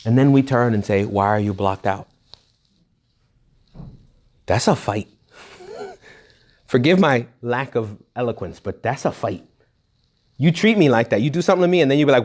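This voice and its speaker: A man, a priest, giving an informal retreat talk to young adults, animated and conversational, full of rhetorical questions, jokes and quick asides. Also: mid-range voice. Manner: rhetorical questions directed at the audience. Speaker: Catholic priest leading a retreat.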